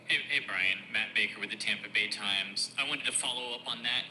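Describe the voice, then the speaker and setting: Direct, low-voiced newspaper reporter man. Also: a little fast, sharp tone, a little hiss or hum, low-quality recording. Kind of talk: press conference question.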